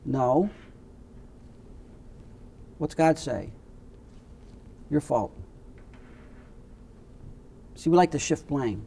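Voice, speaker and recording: Bible class teacher, man, fairly high voice, emphatic and chatty. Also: animated, normal speed, long pauses, dark tone. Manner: emphatic, conversational, repeats points.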